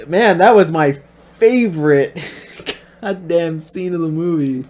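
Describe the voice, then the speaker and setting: A man's voice: fairly high pitch, animated, takes it slowly, a little mellow. A man streaming a video reaction, casual and mock-outraged, swearing often.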